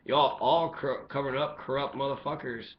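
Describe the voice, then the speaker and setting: A man's voice: mid-range voice, steady tone, moderate pace, highs cut off, slight background noise. A man giving an angry, profane monologue as a commentator, heated and ranting throughout.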